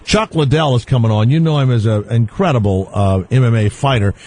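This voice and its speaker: A man hosting a comedic radio talk show, teasing callers and guests in an animated way. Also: mid-range voice, brisk. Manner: animated, teasing, breaks into shouts and laughs.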